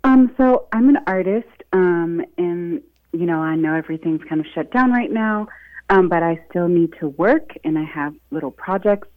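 A woman's voice: fairly low pitch, expressive, moderate pace, dry recording. A woman calling in to a radio advice show, talking hesitantly with lots of ums and you-knows. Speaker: caller. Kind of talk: call-in radio talk. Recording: tinny phone line.

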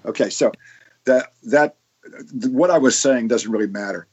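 A man's voice: mid-range voice, normal speed, a little mellow, slightly rough, highs cut off. A man explaining science in casual podcast chat, with frequent restarts and fillers.

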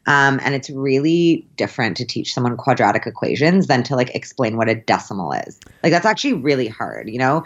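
A low-voiced woman talks fast and animatedly as a podcast guest, her speech full of filler "likes". The recording is a bit dull and lo-fi. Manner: quick, animated, peppered with likes. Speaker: guest, math teacher and musician. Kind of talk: casual interview chat.

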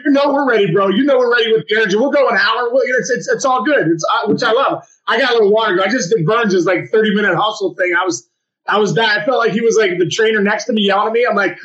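A man's voice: high-pitched, fast talker, fairly bright tone, lo-fi sound. A man co-hosting a podcast as a baseball coach, talking with enthusiasm and lots of stumbling restarts. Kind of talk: casual podcast chat.

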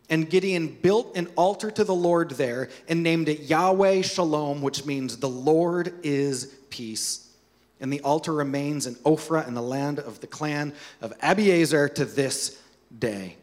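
A high-pitched male pastor delivers a sermon in an earnest, conversational way and poses rhetorical questions to his listeners. His voice carries a long reverb from a large hall. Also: normal speed.

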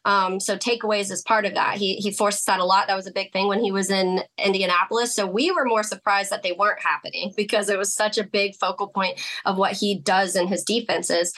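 A woman talking football as a podcast guest in casual chat, chatty and quick, laughing now and then. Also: medium pitch, fairly even intonation, fairly bright tone. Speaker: guest sports analyst.

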